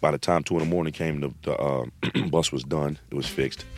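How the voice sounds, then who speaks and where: Casting: middle-aged man, very deep voice, casual slangy storyteller, faint music bed. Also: fairly quick. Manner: animated, slangy, acts out quotes. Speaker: guest telling a story.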